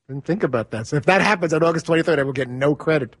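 A man's voice: on the high side, racing. A man on a sports talk show crew, joking playfully in casual banter.

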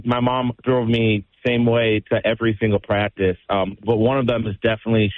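A man's voice: mid-range voice, no echo. Chatty male caller on a tinny phone line. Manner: relaxed, chatty, with filler words. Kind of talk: phone-in conversation.

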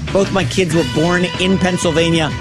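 A middle-aged man filling in as a sports radio host, talking in an excitable, rambling way with quick self-corrections, in a radio studio. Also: sits high, over music.

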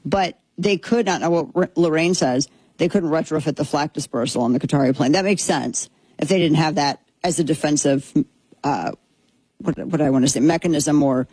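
A woman's voice: sits low, moderate pace, warm tone, slightly rough, dry recording, poor audio. A woman hosting a political talk show, giving sarcastic, rambling commentary and riffing on jokes. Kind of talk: opinionated casual commentary.

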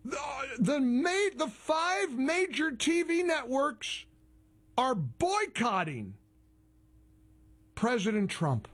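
A man's voice: very high voice, very animated, slow pace, a bit bright. A man hosting a talk radio show, delivering opinionated commentary in a heavily sarcastic, mocking manner.

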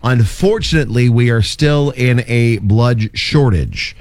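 A man hosting a local morning radio show, reading listener shout-outs and community announcements in an upbeat way. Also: mid-range voice, unhurried.

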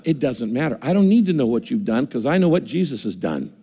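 A man's voice: mid-range voice, very animated, fast, warm tone, breathy edge. A man preaching a sermon as pastor, earnest, repeating words for emphasis. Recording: echoey hall reverb.

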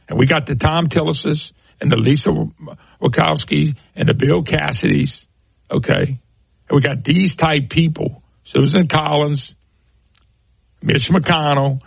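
A man's voice: fairly high pitch, gravelly, breathy edge, dry recording. A middle-aged man hosting a political talk radio show, ranting scornfully and firing off rhetorical questions.

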